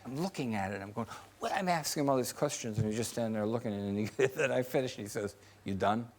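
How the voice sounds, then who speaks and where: A man's voice: medium pitch, fast, a little mellow. Rambling, enthusiastic male storyteller. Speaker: talk show guest, actor. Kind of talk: comic anecdote.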